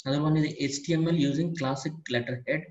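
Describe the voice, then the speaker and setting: A man teaching a step-by-step software tutorial, often repeating and restarting his phrases as he explains. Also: on the high side, steady tone, fast. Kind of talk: screen-recorded software tutorial. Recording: echoey room, dull lo-fi audio.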